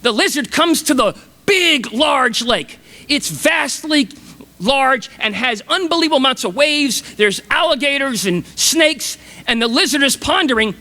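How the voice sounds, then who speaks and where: High-voiced enthusiastic motivational speaker. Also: male voice, expressive, a little slow, sharp tone, long reverb tail. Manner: enthusiastic, dramatic storytelling. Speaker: commencement speaker. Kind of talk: motivational speech. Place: large graduation ceremony venue.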